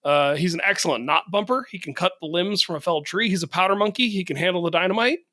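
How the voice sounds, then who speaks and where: Man, podcast co-host, higher voice, playful rambling. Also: quick pace, pushed and bright. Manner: rambling, playful storytelling with laughs. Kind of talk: casual podcast chat.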